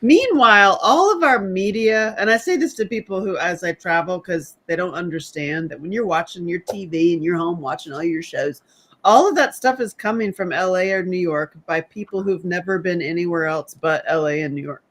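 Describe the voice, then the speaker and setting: A man from the American South chatting casually and telling animated stories, acting out what others said. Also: high voice, moderate pace. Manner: animated storyteller, acts out quotes. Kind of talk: casual chat.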